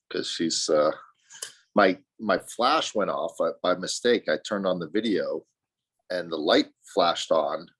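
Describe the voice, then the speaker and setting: A man on a casual video call, minding a toddler and talking about her in a doting, animated way. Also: deep voice, slightly rough. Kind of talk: casual group video chat. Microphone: computer mic on a video call.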